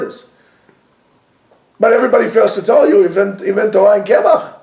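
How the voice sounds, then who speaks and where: A man teaching a lively Torah class to students, joking and mixing in Hebrew phrases. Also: extremely high pitch, brisk, vocal fry, reverberant.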